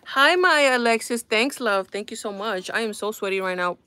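A woman's voice: on the high side, normal speed, clean tone, dry recording. Exasperated young woman on a live stream. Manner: exasperated, animated, talks to viewers. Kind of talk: casual live-stream chat.

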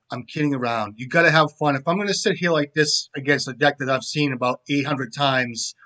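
A man giving casual, profane commentary while he plays a card game, joking around and often trailing off into low mumbles. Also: sharp tone.

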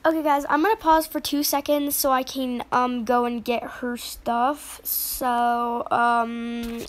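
A woman's voice: fairly high pitch, little pitch movement, takes it slowly. A woman making a casual, hesitant aside to her viewers in a toy role-play video.

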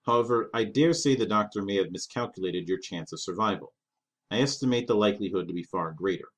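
A man's voice: lowish voice, quick pace, a bit bright. A man voicing a polite, formal male robot helper who speaks with earnest precision.

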